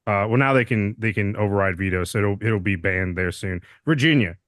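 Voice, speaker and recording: A man's voice: lowish voice, a little fast, fairly bright tone, no room sound, clean studio sound. A man hosting a podcast, joking and sarcastic in casual political chat. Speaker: podcast host.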